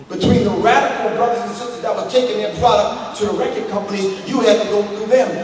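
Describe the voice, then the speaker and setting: A middle-aged man giving a fiery, preacher-like lecture, speaking straight to the crowd. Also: very high-pitched. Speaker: speaker addressing an audience. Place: large hall with an audience. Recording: echoey hall, voice picked up from far off.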